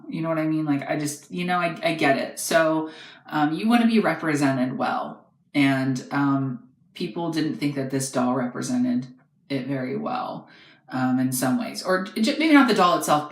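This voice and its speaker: A young man reviewing dolls in a casual, rambling way, hesitating often and filling pauses with fillers. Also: on the high side. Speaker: doll reviewer. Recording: echoey room.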